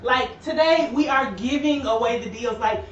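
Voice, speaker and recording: A woman's voice: high voice, normal speed, distant mic, a little hiss or hum. A young woman hosting a live shoe sales stream, chatting to viewers and slightly out of breath. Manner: chatty, animated, talks to viewers. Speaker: shoe store host. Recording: roomy and lo-fi, voice from off-mic.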